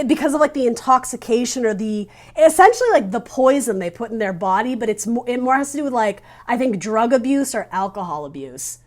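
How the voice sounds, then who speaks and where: A woman with a somewhat high voice giving a casual tarot reading straight to the camera. She talks earnestly and directly to her viewer, feeling her way toward each message as she speaks. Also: a little mellow. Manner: thinks aloud, searching for words. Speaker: tarot reader.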